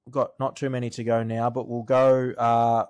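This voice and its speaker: A man with an Australian accent, a podcast co-host chatting in a relaxed, easygoing way. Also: medium pitch, normal speed, clear, resonant tone. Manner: relaxed, easygoing, brief replies. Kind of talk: casual chat.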